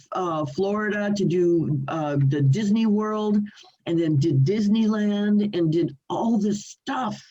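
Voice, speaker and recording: Over a video call from her home, an older woman who is a singer tells animated stories as an interview guest. Her voice is lowish and the sound lo-fi; she laughs often and restarts her sentences.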